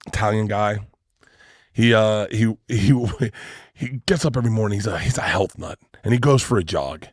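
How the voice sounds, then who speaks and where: Animated storytelling man, dry room. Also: lowish voice, normal speed, no echo. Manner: animated storyteller, acts out voices. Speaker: guest comedian. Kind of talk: casual podcast chat, storytelling.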